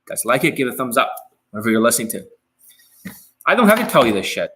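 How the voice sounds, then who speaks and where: A man holds a live stream Q&A as a dating coach. His voice sits at an ordinary middle pitch. He talks bluntly and curses freely, rambling and circling back over the same phrases. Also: very animated, fast talker, pushed and bright, a little hiss or hum, poor audio. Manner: repeats and restarts phrases.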